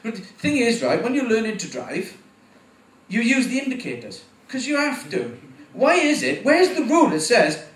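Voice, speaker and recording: At a small venue with a live audience, a nervous man in his forties performs his first stand-up set, rambling, cursing and laughing at his own jokes. His high, bouncy, a bit bright voice has huge pitch swings at a normal speed. He's captured from a distance in an echoey room with a faint background hum.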